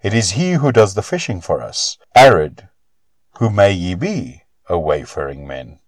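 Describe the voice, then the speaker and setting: A man voicing an old male sorcerer-smith, cunning and grasping, with a shrieking high voice and archaic speech, in a storybook reading. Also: very animated, measured pace. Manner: archaic, demanding.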